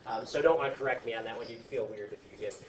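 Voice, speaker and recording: A man's voice: medium pitch, very fast, lo-fi sound, a little hiss or hum. Chatty man teaching from across an echoey room. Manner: chatty, joking, animated asides. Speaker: science teacher. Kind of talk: classroom lesson. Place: classroom. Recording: echoey classroom from far off.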